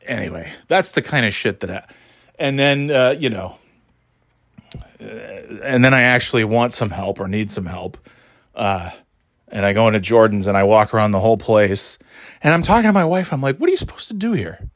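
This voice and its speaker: A man's voice: lowish voice, expressive, normal speed, a bit bright, dry recording, clean studio sound. A man telling a rambling, profane story in a casual, exasperated way, laughing as he goes.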